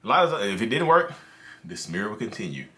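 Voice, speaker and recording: A man talks straight to camera in a casual, ranting way, full of filler words. His voice sits low but sounds bright and forceful. He swings up in pitch whenever he gets worked up. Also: big pitch swings, fairly quick. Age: 30s. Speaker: mental health video host. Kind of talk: casual direct-to-camera talk.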